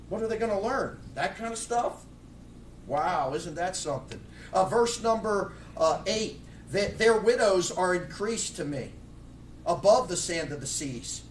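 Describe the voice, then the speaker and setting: A man's voice: high-pitched, animated, measured pace, a little hiss or hum. A middle-aged man preaching a blunt, fiery sermon with many restarts. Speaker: pastor. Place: church sanctuary. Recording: echoey room, mic far off.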